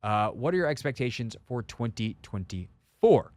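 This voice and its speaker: A man hosting a sports talk radio show, taking calls and giving his takes in an animated, emphatic way. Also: medium pitch, moderate pace. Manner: animated, emphatic, talks to callers.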